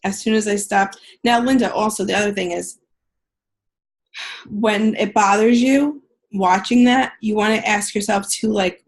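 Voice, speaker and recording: A woman's voice: mid-range voice, measured pace. A woman coaching a caller on a video call, talking in a direct, frank way and swearing casually. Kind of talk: coaching session on a group call.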